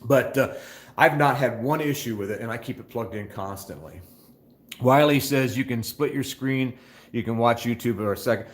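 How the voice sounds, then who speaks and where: A man's voice: mid-range voice, moderate pace, reverberant. An older man hosting a casual phone live stream from a motorcycle shop, chatting in a rambling, scattered way and reading viewer comments aloud. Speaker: motorcycle channel host.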